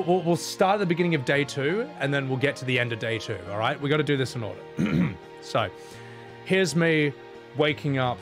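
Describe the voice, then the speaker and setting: Animated swearing man telling a story. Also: medium pitch. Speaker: vlogger. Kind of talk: casual storytelling vlog.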